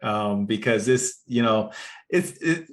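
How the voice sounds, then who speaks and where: Man co-host, low voice, gentle halting questions. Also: expressive. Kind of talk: podcast interview.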